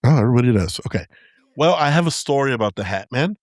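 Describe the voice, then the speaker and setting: A man's voice: mid-range voice, lively intonation, quick pace, dry recording, clean studio sound. A young man from Southern California hosting a casual podcast, telling stories, laughing often and slipping into quoted voices. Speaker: podcast host.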